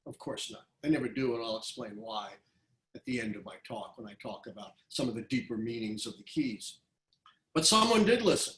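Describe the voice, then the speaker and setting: A man in his seventies from Brooklyn lectures on history, spinning anecdotes with emphatic, animated delivery and quick asides. His voice sits in a middle range. The room lends it a noticeable echo. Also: mid-range voice. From Brooklyn, USA. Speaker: history professor giving a talk.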